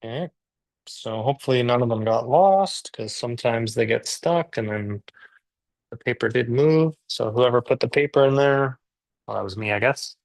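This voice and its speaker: A Canadian man with a gravelly edge to his mid-range voice hosts a live English class. He chats loosely and cracks self-deprecating jokes as he talks to his viewers. He sounds relaxed and informal. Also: mid-range voice, moderate pace. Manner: chatty, joking, self-deprecating. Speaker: English teacher. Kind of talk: casual live class talk.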